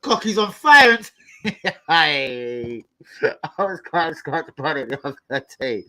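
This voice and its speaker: A man's voice: on the high side, takes it slowly, slight background noise, low-quality recording. A young man, telling rowdy stories in casual chat, swearing often and breaking into yelps and laughs. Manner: swears a lot, loud animated storytelling with yelps and laughs. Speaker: host of a football fan channel.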